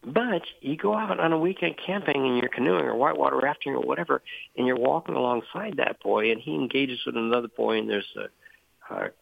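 A man with a low, gravelly, slightly husky voice tells heartfelt stories as an interview guest. He lifts his pitch to voice the people he quotes. The sound is dry and thin, like a phone call. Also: a little fast, no room sound. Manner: earnest, acts out quoted dialogue with rising pitch. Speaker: CEO of a boys' outdoor ministry, guest. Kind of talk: earnest interview storytelling.

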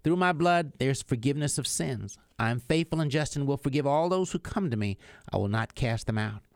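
A man reading aloud voicing Jesus as a gentle, solemn grown man, in a calm, measured, earnest way. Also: medium pitch, no echo, clean studio sound, natural voice.

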